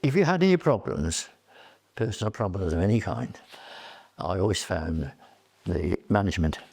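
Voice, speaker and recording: A man's voice: low-pitched, creaky, a little mellow, slightly rough. An older man, a former college staff member reminiscing in an interview and telling chatty anecdotes.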